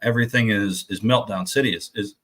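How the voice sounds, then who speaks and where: A man's voice: on the low side, brisk, a bit bright. Blunt male podcast co-host. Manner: frank and blunt, with some swearing; frequent restarts and repeated words. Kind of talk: casual podcast talk.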